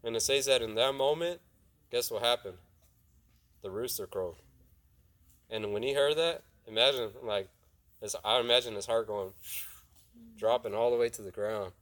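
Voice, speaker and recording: A man's voice: mid-range voice, normal speed, pauses often, fairly bright tone. A young man preaching a casual sermon, retelling a Bible story in plain talk, asking his listeners questions and acting out the lines of the people in it. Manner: conversational, asks the audience questions, acts out dialogue. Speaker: youth preacher.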